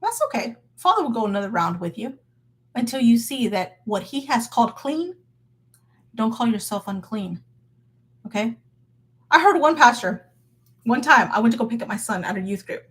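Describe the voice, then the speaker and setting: A woman with a slightly husky, fairly high voice gives a casual faith talk. Her pitch swings widely as she speaks frankly and expressively, often breaking into laughter. It sounds like a devotional talk delivered straight to her listeners. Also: animated, moderate pace, long pauses.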